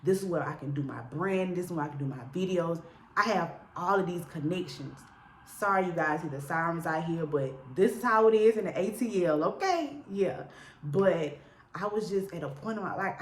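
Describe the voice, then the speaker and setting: Young woman, vlogger, low voice, earnest chatty storytelling, echoey room. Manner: earnest, chatty, full of "like" and "y'all". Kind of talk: casual candid storytelling to camera. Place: indoor room in a city.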